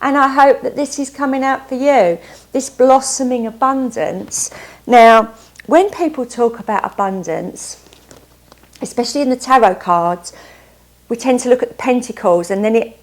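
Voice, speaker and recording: A woman's voice: mid-range voice, a little mellow. A woman doing a casual tarot card reading, upbeat and chatty, often stopping to add asides. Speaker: tarot reader.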